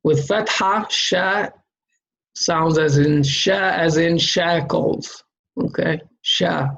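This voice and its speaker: A man gives a step-by-step reading lesson at an unhurried pace. His voice has a gravelly, creaky texture. He repeats each sound so it sticks and keeps checking in with the learner. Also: fairly high pitch, a bit bright, muffled recording. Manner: patient, explains slowly and checks in with "okay?"; demonstrates sounds by repeating them. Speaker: Quran reading teacher. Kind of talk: step-by-step lesson explaining letter shapes and sounds.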